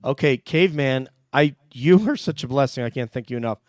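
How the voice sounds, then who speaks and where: A man's voice: mid-range voice, expressive, fairly quick, no room sound, clean studio sound. A man hosting a casual livestream panel, reading out viewer donations in a chatty, joking way. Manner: chatty, jokey, thanks viewers warmly. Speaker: host reading super chats.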